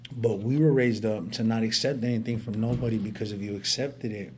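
A man with a fairly low voice tells his personal story in an earnest, heartfelt way. His speech is casual and full of slang, with stammered restarts along the way. A faint hiss sits under the recording. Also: fairly even intonation, a little fast, a little mellow. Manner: uses casual street slang. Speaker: speaker sharing his life story.

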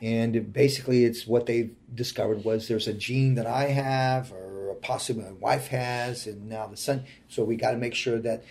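A man in his forties, a guest in an interview, telling a personal story in an earnest, heartfelt way that often sinks to a quiet voice. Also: mid-range voice, fairly even intonation, moderate pace, hardly any pauses.

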